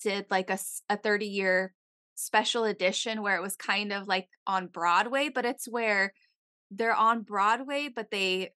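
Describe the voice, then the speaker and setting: A woman's voice: medium pitch, fairly even intonation, unhurried, bright, forceful tone. A young woman co-hosting a podcast, chatting casually and telling a long story full of "like" and swearing. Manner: chatty, swears freely, tells stories with lots of "like". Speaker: podcast co-host. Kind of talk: casual chat.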